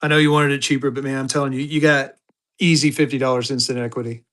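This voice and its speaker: A man's voice: mid-range voice, little pitch movement, quick pace, fairly bright tone. A man selling at a live online auction, chatting casually to viewers and thinking aloud as he sorts his stock. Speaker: livestream auction seller.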